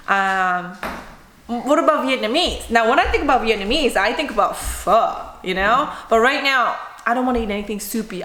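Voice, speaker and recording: A woman mukbang vlogger and mother chatting casually to camera, rambling with quick asides. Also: fairly high pitch, fairly bright tone, reverberant. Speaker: mother of a young child.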